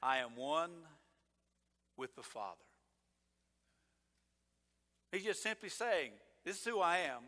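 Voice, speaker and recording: A man's voice: a little high, sing-song, takes it slowly, long pauses, sharp tone. A male pastor preaching a sermon in a conversational, emphatic way, breaking into sarcastic asides. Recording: long reverb of a church hall.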